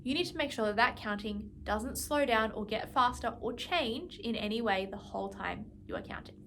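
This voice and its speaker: A woman's voice: fairly high pitch, moderate pace, fairly bright tone, a little hiss or hum. A woman music teacher giving an instrumental lesson, patiently explaining and counting beats aloud.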